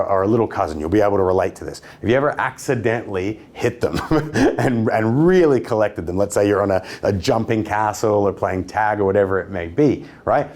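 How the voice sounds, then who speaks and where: A man's voice: fairly low pitch, a little mellow. A young man teaching sales techniques, confident and cheeky, stressing a firm downward inflection. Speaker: sales trainer. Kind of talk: instructional talk to camera.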